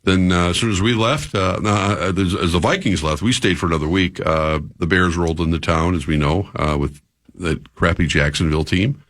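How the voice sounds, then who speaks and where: An older man, a guest broadcaster on a sports radio show, telling a travel story in halting, rambling casual talk with many restarts. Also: deep voice, a bit bright, no room sound, clean studio sound.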